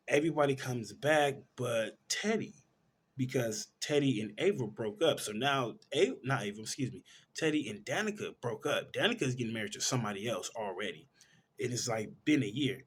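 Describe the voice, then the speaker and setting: Husky man animatedly recapping a movie. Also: medium pitch. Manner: animated storytelling, correcting himself mid-sentence. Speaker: film reviewer. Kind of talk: casual movie plot recap.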